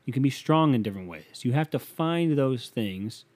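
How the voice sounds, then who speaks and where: A man's voice: medium pitch, expressive, normal speed, a little mellow. Rambling young man reading a listener letter. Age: 20s. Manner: rambling, profane, joking asides. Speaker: podcast host.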